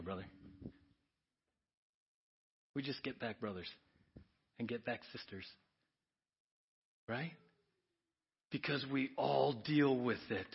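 A man preaching a sermon as pastor, emphatic and earnest, then praying softly. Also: medium pitch, husky. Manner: earnest, emphatic preaching that drops to soft prayer. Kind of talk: sermon with closing prayer. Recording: dull lo-fi church audio.

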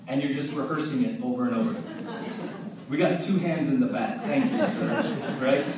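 A man preaching a sermon in a church, talking to the congregation in an easy, conversational way, asking them questions and saying "right?" often. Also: fairly high pitch. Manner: conversational, asks the crowd questions, repeats "right?". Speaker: pastor. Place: church sanctuary. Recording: very echoey hall, mic at a distance, faint noise.

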